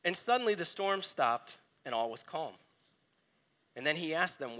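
Guy preaching, kinda high voice, acts stuff out then goes real quiet and soft. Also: animated, normal speed. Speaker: pastor. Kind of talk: sermon.

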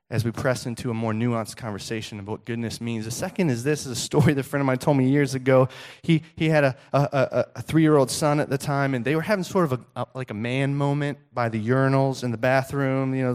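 A male pastor preaching a sermon in a conversational, animated storytelling way, with frequent restarts. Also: on the high side.

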